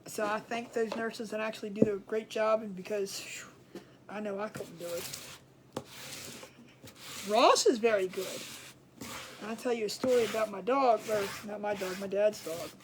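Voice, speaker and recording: A middle-aged woman, a craft show host, telling stories in a chatty, rambling, colloquial way that grows animated as she retells them. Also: medium pitch, normal speed, long pauses, noisy background. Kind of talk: casual storytelling chat.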